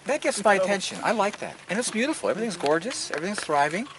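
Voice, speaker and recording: An older man with a high, racing voice enthusiastically shows off his garden and orchard outdoors, chatting in a folksy manner that stumbles and repeats words. Steady background noise runs through this outdoor field recording.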